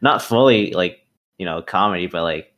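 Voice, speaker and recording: A man with a fairly low voice and a very lively pitch co-hosts a casual podcast. He agrees readily and laughs often. His talk swings up and down as he reacts. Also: moderate pace, muffled recording. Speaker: podcast co-host. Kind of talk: casual chat.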